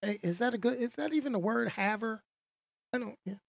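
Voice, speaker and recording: A man hosting his own podcast, talking in a casual, animated rant full of slang and stammered restarts. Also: very high-pitched, brisk, creaky, no room sound. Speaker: podcast host.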